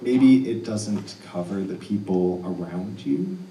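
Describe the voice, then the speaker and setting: A man telling a true personal story live on stage, earnest and animated with laughing asides. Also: low-pitched, takes it slowly, a little hiss or hum. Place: stage in an arts center hall. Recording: roomy hall audio picked up from a distance.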